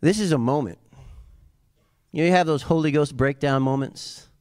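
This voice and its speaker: Brief: male preacher, slightly high voice, animated sermon, dry close sound. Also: moderate pace, no echo. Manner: animated, swinging from soft asides to yelling. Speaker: pastor.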